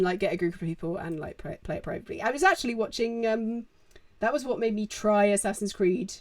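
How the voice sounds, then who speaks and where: A woman's voice: on the low side, dry recording. Chatty young woman streamer. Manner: chatty, rambling, lots of fillers. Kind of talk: casual live-stream Q&A. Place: home. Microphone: desk microphone.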